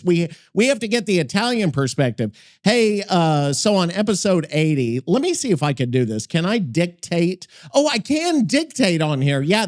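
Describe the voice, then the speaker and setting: High-voiced guy hosting a podcast, rambly, swears a ton, keeps cutting himself off. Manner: rambling, swears a lot, self-interrupting. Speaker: podcast host. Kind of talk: casual profane podcast chat.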